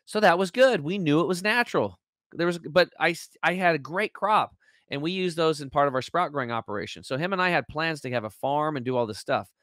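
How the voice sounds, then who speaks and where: Speaking a little fast in a fairly high, animated, fairly bright voice with no echo, a man guests on an interview over a video call, sounding dry and close. His storytelling is emotional and full of fillers and restarts, and he acts out what others said.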